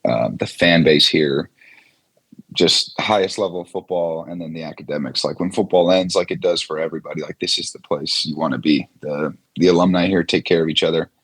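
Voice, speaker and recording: Husky low-voiced young man telling stories. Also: fairly quick. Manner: relaxed, storytelling with many fillers. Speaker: former quarterback, guest. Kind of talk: casual interview.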